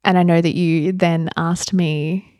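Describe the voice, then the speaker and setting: A woman hosting a podcast, telling a personal story in a candid, reflective way with soft fillers. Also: lowish voice, flat delivery, a little slow, dry recording, clean studio sound. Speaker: podcast host.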